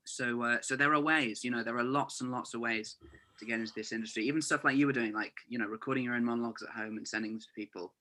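A man's voice: mid-range voice, fairly even intonation, fast, bright, forceful tone. A man in his twenties, an actor, chatting as a podcast guest in an earnest way, often saying "you know". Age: 20s. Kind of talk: casual chat. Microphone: remote call.

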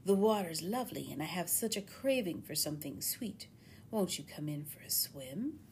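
A woman voicing a sly, hungry male crocodile with a low, slow, drawling voice that turns whispery at times. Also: animated, darkish tone, a little hiss or hum. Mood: coaxing.

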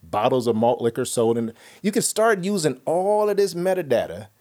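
A man hosting a casual podcast chat, loose and profane as he tells stories. His voice sits at an ordinary pitch for a man, and he jumps into animated re-enactments of conversations before settling back into plain talk. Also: normal speed. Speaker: podcast host.

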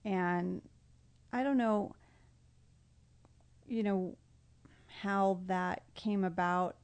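A woman's voice: mid-range voice, drawn-out words, a little mellow, clean tone. A middle-aged woman, a podcast guest, talking in a casual, heartfelt way, reflective and tender, often emotional.

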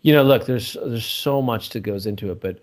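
A man's voice: medium pitch, a little fast, a little mellow. A middle-aged man co-hosting a podcast, talking casually, rambling and restarting his thoughts, swearing freely. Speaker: podcast co-host.

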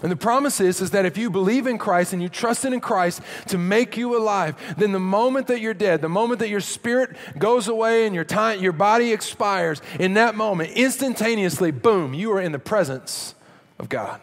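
A man preaching a sermon as a pastor, animated, dropping low and quiet for emphasis. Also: normal speed. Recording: long hall reverb.

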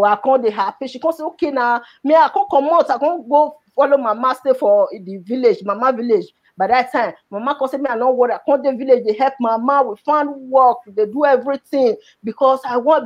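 A Nigerian woman with a high voice and a Nigerian Pidgin accent tells her personal story to an interviewer. She speaks with feeling and repeats words for emphasis. The recording sounds dull and lo-fi. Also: darkish tone. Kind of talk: personal life story in conversation.

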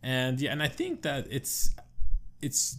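A man co-hosting a podcast who chats casually and thinks out loud, explaining his view in long, rambling stretches with restarts. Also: medium pitch, wildly swooping pitch, slow. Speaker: podcast co-host. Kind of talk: casual chat.

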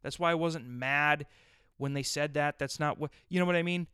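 A man's voice: on the high side, normal speed, pushed and bright, clear, resonant tone, no echo, studio quality. A man hosting his own podcast, riffing crudely and profanely in a rambling solo rant. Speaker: podcast host.

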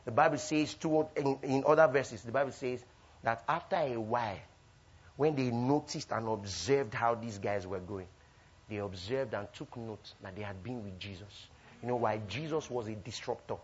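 A man preaching a sermon with call-and-response, swinging between loud bursts and soft asides. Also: medium pitch, lively intonation, normal speed, husky. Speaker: pastor. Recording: dull lo-fi recording.

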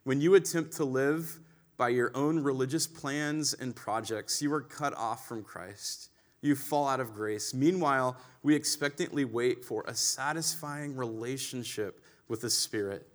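A man's voice: medium pitch, measured pace. Man preaching a conversational sermon. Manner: conversational, personal storytelling with emphatic swells. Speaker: pastor.

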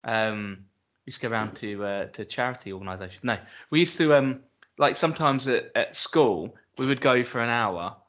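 A man's voice: medium pitch, expressive, moderate pace, a bit bright. Podcast guy rambling about shopping, lots of stops and restarts, muffled lo-fi audio. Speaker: podcast co-host. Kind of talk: casual chat.

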